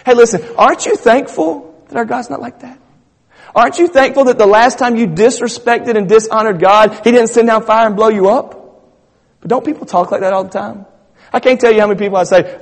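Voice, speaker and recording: A man's voice: sits high, brisk. A man preaching a sermon in an emphatic, repetitive, conversational style. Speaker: pastor. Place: church sanctuary. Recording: reverberant church hall.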